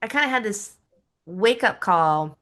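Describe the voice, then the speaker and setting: A woman's voice: medium pitch, expressive, a little slow, a bit bright. A middle-aged woman, a lifestyle coach and podcast guest, telling her personal story candidly, with frequent laughs and self-deprecating asides.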